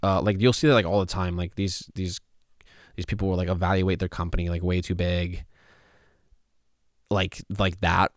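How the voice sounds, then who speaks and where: A man hosting a casual solo podcast, sounding stuffy and talking excitably, exclaiming and swearing casually. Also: low voice, moderate pace, pauses often, dry recording, clean studio sound. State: stuffy, congested. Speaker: podcast host.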